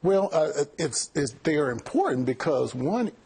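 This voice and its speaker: Middle-aged man, college president; earnest, a bit husky, restarts his sentences. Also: fairly high pitch, big pitch swings, measured pace, a little mellow. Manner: earnest, repeats words while thinking. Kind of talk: interview answers.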